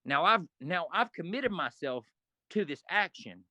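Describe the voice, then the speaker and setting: A middle-aged man telling a casual, profane story in an interview, with animated asides. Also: on the high side, a little slow, no echo. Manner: profane, animated, acts out quoted arguments. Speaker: interview guest.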